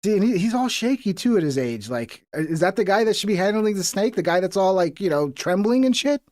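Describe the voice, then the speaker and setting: A man's voice: sits high, sing-song, fairly quick, background noise. A man streaming a reaction to a video, talking casually with a profane, exasperated and rambling manner.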